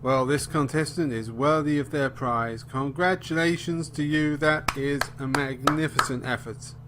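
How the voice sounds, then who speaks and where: A man's voice: a little high, steady tone, a little slow, loud music behind the voice, natural voice. A man playing a showy game-show announcer inside a video game.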